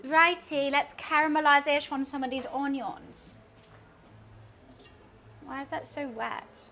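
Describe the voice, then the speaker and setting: A woman's voice: high-pitched, steady tone, slow, noisy background. A young woman live streaming while she cooks in her kitchen, chatting to her viewers in a self-mocking way and laughing often. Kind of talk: casual chat to a live stream audience while cooking. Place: home kitchen.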